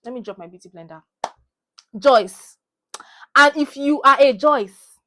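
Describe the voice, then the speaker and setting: A woman's voice: mid-range voice, expressive, takes it slowly, pauses often, fairly bright tone. A young woman with a Nigerian accent, ranting heatedly about a movie to her phone camera and repeating lines for emphasis. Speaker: vlogger. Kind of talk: animated movie rant.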